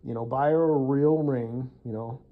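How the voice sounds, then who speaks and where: A man's voice: mid-range voice, moderate pace, narrow, tinny audio. A man telling a long rambling story to the camera in a casual, profane monologue, laughing at his own jokes. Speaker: vlogger.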